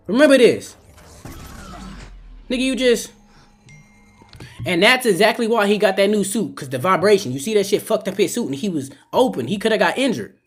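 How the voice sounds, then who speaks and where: A man's voice: sits high, big pitch swings, brisk. Brief: male live streamer, fiery and preachy, swears a lot, phone mic. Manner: impassioned, profane, preachy. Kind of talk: live stream reaction talk.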